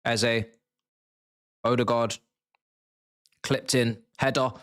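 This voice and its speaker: A man hosting a live football watchalong, reacting in a slangy, excitable way, swinging between mumbled asides and shouted outbursts. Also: medium pitch, slow pace. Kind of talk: live match reaction commentary.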